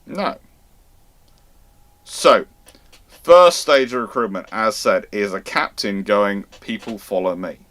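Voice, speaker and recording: A man's voice: lowish voice, lively intonation, slow pace, long pauses, a bit bright, dry recording. A man hosting a live-stream history lecture, explaining in a conversational, digressive way. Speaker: host.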